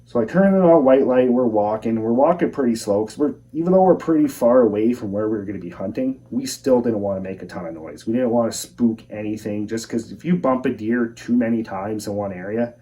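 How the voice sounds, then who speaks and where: A young man calmly telling his own outdoor encounter story in a measured, plain-spoken way. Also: mid-range voice. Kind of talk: first-person encounter storytelling. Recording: voice a bit far from the mic.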